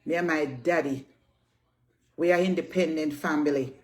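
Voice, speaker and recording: A woman's voice: low voice, normal speed. A Jamaican woman in her fifties rants on social media. She is brash and scolding, repeats her jabs, and swears freely at her critics. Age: 50s. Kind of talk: heated social media rant.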